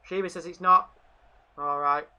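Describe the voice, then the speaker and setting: A man's voice: a little high, steady tone, normal speed, bright, forceful tone, clear, resonant tone. A man hosting a live fan commentary stream, calling the match and reading out viewer chat. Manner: chatty, reads out viewer chat between play calls. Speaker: fan channel host.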